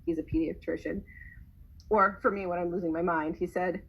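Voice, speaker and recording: A woman reading a personal story aloud in a measured way, with a husky voice. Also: fairly low pitch, fairly even intonation, dull audio.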